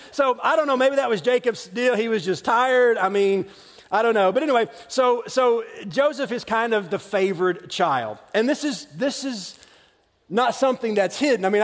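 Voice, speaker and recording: A man's voice: very high-pitched, expressive, moderate pace. A man, preaching a chatty storytelling sermon full of self-deprecating asides and restarts. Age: 40s. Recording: long reverb of a large hall.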